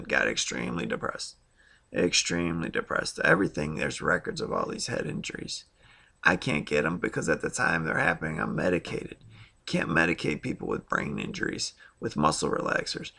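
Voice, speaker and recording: A man's voice: a bass voice, vocal fry, pushed and bright. A man in his thirties talking in a rambling, blunt way, recounting his own experiences in a casual monologue. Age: 30s. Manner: rambling and blunt, with frequent fillers and asides. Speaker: vlogger.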